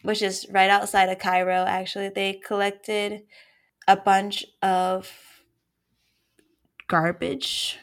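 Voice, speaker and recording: A woman co-hosting a podcast in casual chat, measured and reflective, drawing out her phrases. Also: mid-range voice, little pitch movement. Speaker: podcast co-host.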